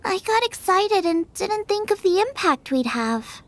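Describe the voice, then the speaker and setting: A woman voicing a cheerful young female chef in a video game, bubbly and excitable about food. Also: very high-pitched, a little slow, full character voice. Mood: earnest. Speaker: game character. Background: game music.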